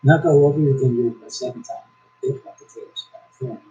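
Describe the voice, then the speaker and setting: A man reading a founding text aloud slowly and haltingly, correcting himself as he goes, then giving preachy religious commentary. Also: mid-range voice, mellow, echoey room, dull audio. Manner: preachy, exhorting. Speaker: YouTube commentator.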